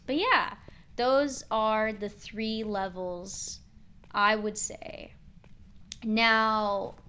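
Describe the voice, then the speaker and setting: A young adult woman streaming a game and chatting casually, expressive and slangy, swearing freely. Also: mid-range voice, smooth. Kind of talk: casual chat while gaming.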